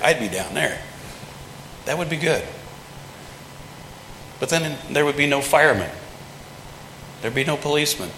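Folksy preacher in an echoey church. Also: male voice, medium pitch, bright, forceful tone, a little hiss or hum. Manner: folksy, conversational preaching with acted-out quotes. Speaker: pastor. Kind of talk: sermon. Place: large church sanctuary. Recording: echoey hall with long reverb.

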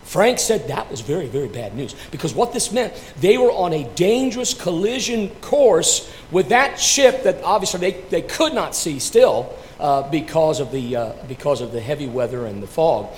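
Dramatic preacher, loud then hushed. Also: male voice, on the high side, lively intonation, normal speed, hardly any pauses, a little hiss or hum. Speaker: pastor. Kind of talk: sermon storytelling before communion.

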